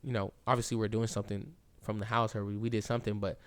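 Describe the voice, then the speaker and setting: A young man hosting a podcast, telling a story in a casual, animated way and filling it with "bro" and "like.". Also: fairly low pitch, fast talker, clear, resonant tone. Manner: animated, keeps saying "bro" and "like"; acts out quoted lines, drops to a hushed voice at times. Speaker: podcast host.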